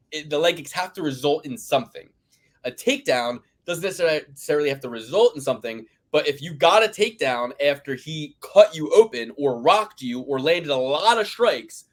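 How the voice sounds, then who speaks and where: A man co-hosting a fight-picks podcast, talking in a rambling, emphatic way and swearing freely. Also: medium pitch. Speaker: podcast co-host. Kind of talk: casual fight-picks chat.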